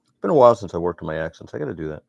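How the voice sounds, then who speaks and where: A man's voice: low voice, big pitch swings, racing, gravelly, a little mellow, no echo, dull audio. A middle-aged man chatting casually and rambling as he narrates his sculpting work. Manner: rambling, chatty, self-deprecating. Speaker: sculptor vlogger.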